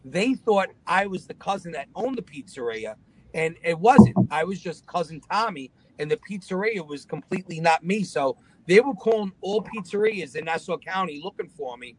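A man's voice: high-pitched, normal speed, breathy edge, rough recording. A man, a guest telling a long story in a casual way and acting out the voices of the people in it. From Long Island, New York. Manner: animated, acts out other people's voices in his anecdotes.

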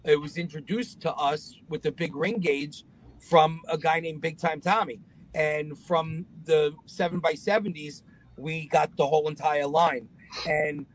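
Animated New man telling stories. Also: on the high side, poor audio. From Long Island, New York. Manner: animated, acts out other people's voices in his anecdotes. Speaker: guest. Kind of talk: casual storytelling.

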